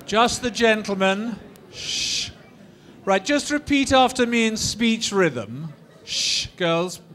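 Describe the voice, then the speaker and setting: A man lecturing a class on opera in a lively, theatrical way, coaxing the students to repeat lines and demonstrating phrases. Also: sits high, slow.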